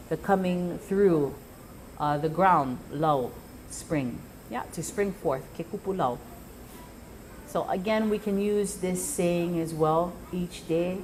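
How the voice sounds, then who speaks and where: A woman's voice: on the low side, darkish tone, a little hiss or hum. Woman teaching words, chanting phrases. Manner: sings and chants Hawaiian phrases, repeating words for learners. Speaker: Hawaiian language teacher. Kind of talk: live language lesson. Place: live venue.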